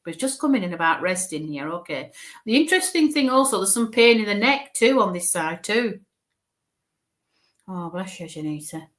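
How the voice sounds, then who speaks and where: With an animated, fairly bright mid-range voice at normal speed, a woman spirit medium delivers a live reading to viewers. She relays her sensations by thinking aloud, chatty and reassuring, her talk full of "okays" and "bless yous."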